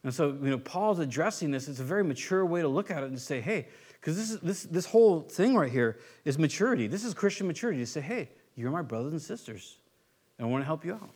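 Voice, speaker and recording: Man, pastor, high-pitched voice, conversational sermon, acts out quotes. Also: animated, fast talker, darkish tone, husky.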